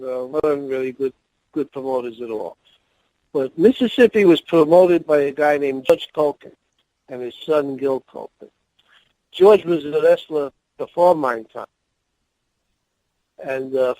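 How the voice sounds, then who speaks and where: A man's voice: mid-range voice, darkish tone, dry recording, poor audio. An older man, a former wrestling manager, telling rambling anecdotes as a guest in a podcast interview. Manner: rambling anecdotes with laughs and restarts.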